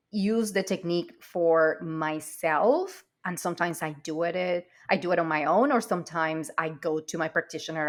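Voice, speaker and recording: A woman speaks as a guest on a podcast, reflecting openly on her own inner work. Her voice sits fairly low for a woman. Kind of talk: podcast interview conversation.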